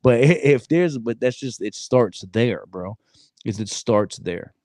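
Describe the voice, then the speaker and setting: A man in his thirties co-hosting a podcast, telling a story in animated, slang-heavy casual chat. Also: medium pitch, measured pace, dry recording. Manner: animated, streetwise slang, frequent "bro". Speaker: podcast co-host.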